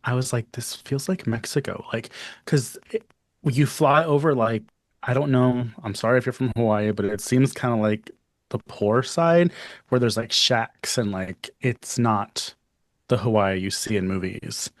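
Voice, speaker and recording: A man's voice: mid-range voice, fairly even intonation, a little slow, no room sound, clean studio sound. A man co-hosting a horror podcast in casual chat, gossiping animatedly about the cast. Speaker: podcast co-host.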